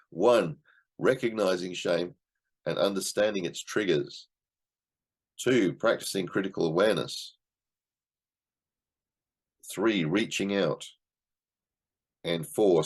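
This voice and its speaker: A man's voice: sits low, takes it slowly, long pauses, husky. A middle-aged man leading an online class discussion of a book, in a conversational way, repeating words and acting out short quotes. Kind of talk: casual teaching talk to an online class.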